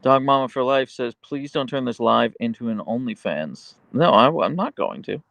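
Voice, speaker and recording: A man hosting a casual livestream, reading viewer comments aloud and chatting about his dogs, slipping into a high cooing voice for his pet. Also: expressive, normal speed, vocal fry, a bit bright, dry recording, dull audio. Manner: goes high and cooing when talking to his dog. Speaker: livestream host.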